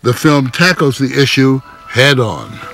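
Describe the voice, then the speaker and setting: Measured man narrating a news feature. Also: mid-range voice, expressive, creaky, a bit bright, soft background music. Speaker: TV news correspondent. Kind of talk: scripted broadcast narration and interview.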